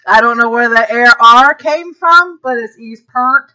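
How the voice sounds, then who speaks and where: A woman's voice: on the high side, unhurried, bright, forceful tone, poor audio. A woman from Georgia hosting a casual livestream chat, chatty and laughing often. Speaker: podcast host.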